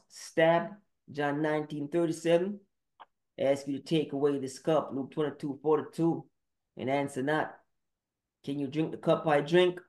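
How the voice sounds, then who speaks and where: A man's voice: a little high, a little mellow. A man preaching a sermon monologue, firing off terse Bible verse citations in a confrontational way. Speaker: podcast preacher. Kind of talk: scripture-citing sermon monologue.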